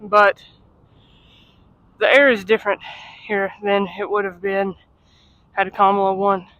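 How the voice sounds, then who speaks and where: A woman vlogging casually to her phone, chatty and self-deprecating, at times out of breath from walking fast outdoors in the cold. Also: medium pitch, little pitch movement, dry recording, dull audio. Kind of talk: casual travel vlog to camera. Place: outdoors on cold city streets.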